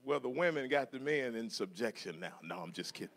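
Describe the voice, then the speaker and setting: A middle-aged man preaching a sermon in church, moving from soft asides to shouted passages and joking with the congregation. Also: medium pitch, animated, brisk. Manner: jokes with congregation, laughs. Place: church sanctuary.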